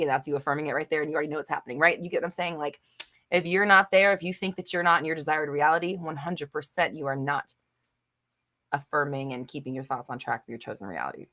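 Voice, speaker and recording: A woman's voice: deep voice, quick pace, fairly bright tone. A young adult woman hosting a live Q&A, reading viewer comments and answering in a blunt, emphatic way with casual swearing and lots of fillers. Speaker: host of a live manifestation Q&A.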